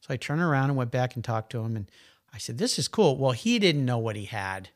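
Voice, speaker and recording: Middle-aged male guest, animated storyteller, mid-range voice. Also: mid-range voice, fairly quick. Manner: animated, chatty, rambling anecdotes. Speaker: guest, car enthusiast. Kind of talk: casual conversational storytelling.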